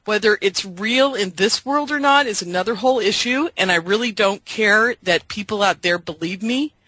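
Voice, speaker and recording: A woman's voice: medium pitch, normal speed, bright, forceful tone, no room sound, rough recording. A middle-aged woman radio host, pleading emotionally with her listeners and addressing them directly. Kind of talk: impassioned monologue to listeners.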